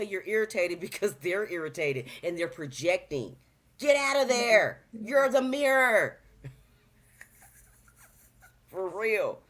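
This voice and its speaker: A woman in her fifties chatting casually as a talk show guest, animated and preachy, full of slang, acting out little quoted voices. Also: on the low side. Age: 50s. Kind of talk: casual chat.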